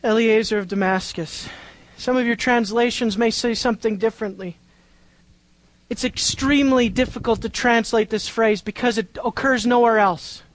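A woman's voice: a little high, fairly even intonation, normal speed, no room sound, low-quality recording. A woman preaching a Bible-teaching sermon, drawing out key words for emphasis and putting questions to the congregation.

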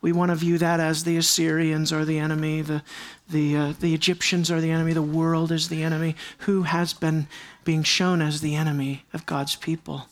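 A man delivers a sermon in an earnest preaching manner. He repeats key phrases for emphasis and moves between soft, low asides and raised, pressing lines. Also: level tone, a little fast. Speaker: pastor.

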